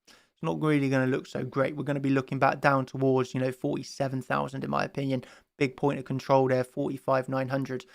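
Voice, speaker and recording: Casting note: man, somewhat high and gravelly, loose rambling trader walking through his charts. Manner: rambling with many fillers and restarts. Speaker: crypto trading analyst. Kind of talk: casual chart analysis monologue.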